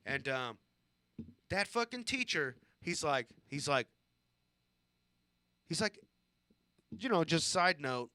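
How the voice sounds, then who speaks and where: A man in his thirties from Southern California rambles through crude childhood stories on a live stream, swearing freely and poking fun at himself. His voice sits a little high and rings clear and smooth. The sound is dry and close. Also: lively intonation, a little slow, pauses often, bright, forceful tone, dry recording. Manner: rambling, profane, self-deprecating storytelling. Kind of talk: casual storytelling on a live stream.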